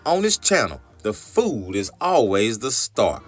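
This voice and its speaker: A man's voice: lowish voice, very animated, a little slow, breathy edge, faint music behind. A man, narrating a recipe tutorial for his cooking channel in an upbeat, chatty way, often calling his viewers y'all.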